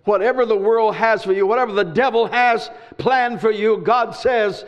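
Preacher, man, very high voice, repeats lines and bursts into shouts; dull lo-fi recording. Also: fairly even intonation, moderate pace, few pauses. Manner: emphatic, repetitive preaching with sudden shouts. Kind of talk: sermon.

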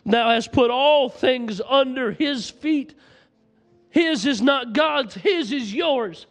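A preacher with a strikingly high-pitched voice delivers a sermon. He speaks with passion and recites scripture at length to his congregation. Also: slow, a bit bright, faint music behind. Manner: impassioned, reciting scripture aloud.

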